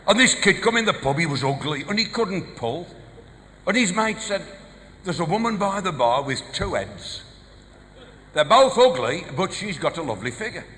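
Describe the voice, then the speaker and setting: A man with a Black Country accent works through a stand-up set of one-liners and quick gag stories. His voice sits high and bright and moves around a lot. The sound carries a long hall reverb with faint noise underneath. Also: sing-song. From English West Midlands. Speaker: stand-up comedian. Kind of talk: live stand-up routine. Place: large live venue.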